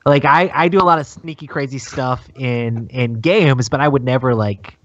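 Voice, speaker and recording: Laid-back podcast host, muffled audio. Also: male voice, medium pitch, moderate pace, dry recording. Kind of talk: casual chat. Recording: dull lo-fi dry podcast audio.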